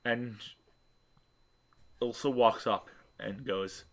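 A man's voice: lowish voice, a little slow, bright, forceful tone. A man narrating a tabletop game as game master, descriptive and restarting often.

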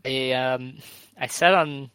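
A man co-hosting a casual podcast, talking in a measured way with frequent "um"s as he goes over details. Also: mid-range voice, steady tone, bright, forceful tone, clean tone, no room sound. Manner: measured, many "um"s, runs through show details. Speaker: podcast co-host. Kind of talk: casual chat reviewing wrestling shows.

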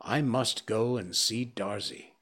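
A man's voice: fairly low pitch, slow, a bit bright, breathy edge, exaggerated voice. A man reading as a brave, impatient young mongoose. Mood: determined. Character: brave young male mongoose, fierce and practical.

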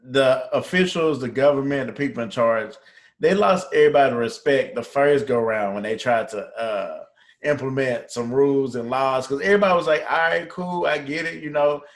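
A man's voice: medium pitch, normal speed. A man co-hosting a podcast, talking in a laid-back, slangy, storytelling way. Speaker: podcast co-host. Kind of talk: casual podcast chat.

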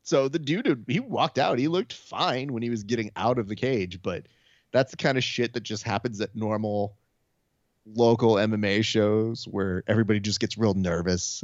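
A man's voice: lowish voice, dry recording, highs cut off. A man co-hosting a podcast, telling loose, profane stories and acting out the voices of people he quotes. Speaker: podcast co-host. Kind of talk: casual chat.

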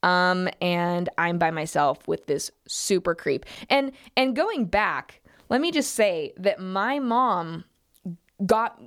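A young woman co-hosting a podcast, telling a workplace story in casual chat with lots of fillers and acted quotes. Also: lowish voice. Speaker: podcast co-host.

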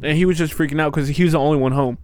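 A man's voice: on the high side, steady tone, racing, a little mellow. A man co-hosting a podcast, telling a story in loose, slangy, joking casual chat. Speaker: podcast co-host.

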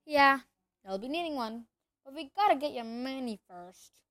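A woman doing Hagrid, a rough-spoken friendly giant. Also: sits high, expressive, normal speed, a bit bright, no room sound. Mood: cheerful. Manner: rough, folksy, dropped-word speech.

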